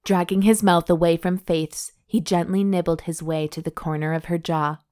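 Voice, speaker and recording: Woman podcast co-host, lowish voice, reads steamy prose then jokes and giggles. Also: steady tone, moderate pace, mellow. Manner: wry, giggly, breaks into laughter. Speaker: podcast co-host reading a romance novel aloud. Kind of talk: dramatic reading mixed with casual chat.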